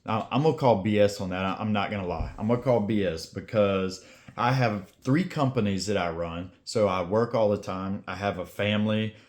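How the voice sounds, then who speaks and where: A man's voice: lowish voice, normal speed, darkish tone. A man talking to camera in a blunt, casual pep-talk style, full of slang, urging viewers to start a channel. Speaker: YouTube creator giving advice.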